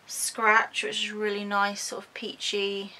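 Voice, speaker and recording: A woman's voice: mid-range voice, completely flat delivery, takes it slowly, pushed and bright. A woman with an English accent chatting through a product walkthrough, hesitant with frequent ums and self-corrections. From United Kingdom. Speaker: beauty vlogger.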